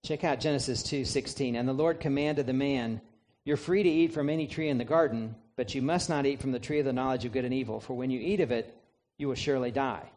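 A man's voice: mid-range voice, quick pace, darkish tone. A man preaching a sermon, emphatic, asking the listeners rhetorical questions and answering them himself. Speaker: pastor.

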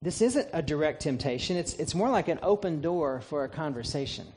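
A man with a somewhat high-pitched voice delivers a sermon. He preaches emphatically, posing rhetorical questions to the congregation and answering them himself. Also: expressive, a little fast, darkish tone, breathy edge. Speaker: pastor.

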